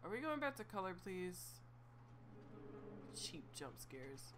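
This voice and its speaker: A woman streams a horror video game live, talking to herself in jumpy exclamations. Her voice is medium-pitched with big pitch swings and a slow pace, with background noise present.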